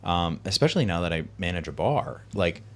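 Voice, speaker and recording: A man's voice: low voice, big pitch swings, brisk. A man hosting a podcast in casual chat, telling easygoing stories full of filler words. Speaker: podcast host.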